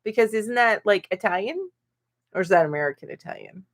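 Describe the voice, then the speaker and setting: A middle-aged woman chats casually on a live stream, reading viewer comments aloud. She fills her talk with ums and small laughs. Her voice sits at a middle pitch but swings lively up and down. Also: a little fast. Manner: chatty and giggly, many ums, reads comments aloud. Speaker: host of a live chat stream.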